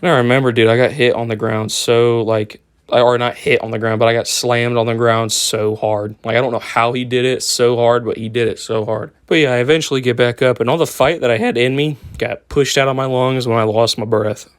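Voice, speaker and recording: A young man tells a story from his school days in a loose, rambling way, full of fillers, restarts and swearing. His voice is smooth and resonant at an ordinary pitch, and the recording is dry and close. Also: fairly even intonation, brisk, no echo. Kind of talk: casual story time.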